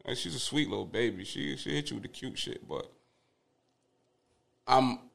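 A young man with a gravelly, fry-edged voice tells stories as a podcast guest. His delivery is animated and profane, often breaking into laughter, and it swings between loose, easy chat and bursts of loud retelling. His voice sits at a middle pitch. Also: normal speed. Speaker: podcast guest, father of twins. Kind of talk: casual podcast storytelling.

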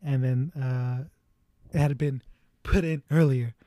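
A man's voice: mid-range voice, fairly even intonation, slow pace, mellow, dry recording, clean studio sound. A young man casually retelling a movie plot to friends, rambling, laughing and swearing as he goes.

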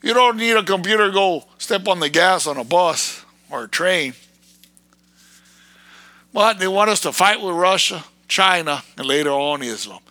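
A man ranting in a fiery, erratic preaching monologue, breaking into sudden shouted bursts. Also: high voice, expressive, normal speed, dry recording.

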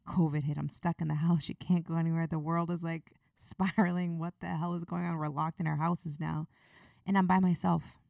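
A woman's voice: lowish voice, vocal fry, a little mellow, dry recording, studio quality, far from the mic. A woman hosting her podcast, talking earnestly and confidingly in a personal, motivational monologue. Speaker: podcast host.

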